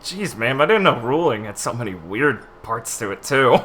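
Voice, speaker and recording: A man's voice: medium pitch, big pitch swings, normal speed, fairly bright tone, a little hiss or hum. A man talking casually in character as a player in a tabletop game, laughing often and easily flustered. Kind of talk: casual in-character role-play.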